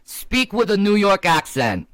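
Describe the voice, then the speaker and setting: Animated excitable man, higher voice. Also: measured pace, clean tone, no echo, faint music behind. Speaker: podcast co-host. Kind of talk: casual chat.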